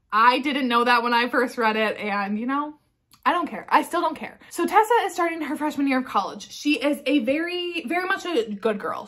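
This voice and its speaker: Chatty woman with a higher voice. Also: a bit bright. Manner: chatty and blunt, heavy on fillers like "like". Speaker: book reviewer. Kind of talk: casual chat.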